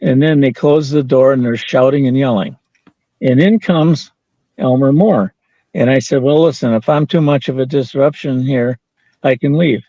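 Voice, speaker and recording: An older man, a guest in an interview, tells a story with a medium-pitched, dark voice at a moderate pace, quoting the people involved and laughing now and then. The recording is dull and free of echo.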